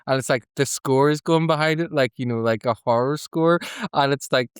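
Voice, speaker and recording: A man's voice: medium pitch, brisk, clear, resonant tone, dry recording, clean studio sound. A man co-hosting a podcast, giggling and gushing as he recaps scenes. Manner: giggly, enthusiastic, acts out quotes. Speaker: podcast co-host. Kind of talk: casual recap chat.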